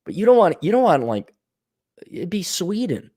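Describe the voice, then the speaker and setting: A middle-aged Minnesota man hosts a podcast, ranting casually in a high-pitched, sing-song voice at a moderate pace. His tone is dark with a breathy edge, and he swears freely while mocking people through sarcastic impressions in this loose monologue.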